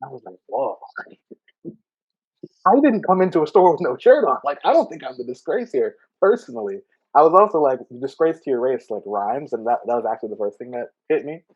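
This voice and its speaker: A man in a casual podcast chat, spinning a workplace story with plenty of laughs and quoted lines. His voice sits in an ordinary middle pitch. The recording is a little dull and lo-fi. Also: expressive, a little fast, husky. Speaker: podcast co-host.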